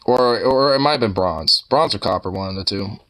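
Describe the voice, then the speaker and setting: A man's voice: on the low side, lively intonation, normal speed, fairly bright tone. A man giving casual, rambling commentary while browsing online posts, full of profanity and filler.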